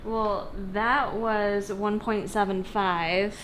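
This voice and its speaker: A woman's voice: mid-range voice, fairly even intonation, very slow, noisy background. A woman chatting casually at home about feeding the dogs, chatty and laughing easily. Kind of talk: casual chat.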